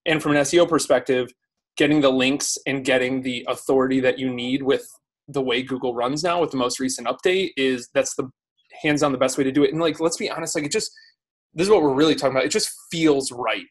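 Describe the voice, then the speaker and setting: A man as a podcast guest in a casual conversation, talking in an animated way with lots of "like" fillers. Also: medium pitch, quick pace.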